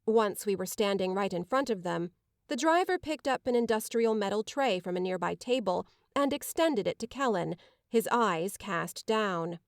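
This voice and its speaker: A woman giving measured, dramatic first-person narration of an audiobook. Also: mid-range voice, expressive, no echo, studio quality.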